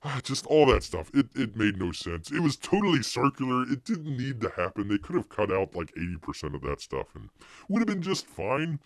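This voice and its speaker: A man's voice: mid-range voice, very animated, fairly quick, no room sound, clean studio sound. A man hosting a live stream, chatting casually in a rambling way, with frequent restarts and laughter. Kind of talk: casual review chat.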